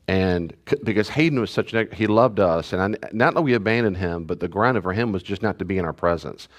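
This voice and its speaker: A male pastor giving a conversational teaching talk with animated storytelling, often laughing and acting out what people said. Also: lowish voice, brisk.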